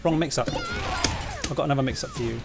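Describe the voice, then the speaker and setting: A man's voice: a little high, wildly swooping pitch, brisk, over loud music. A middle-aged man giving casual commentary while streaming a fighting game, grumbling and poking fun at himself in a slangy way. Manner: grumbling, self-mocking, slangy.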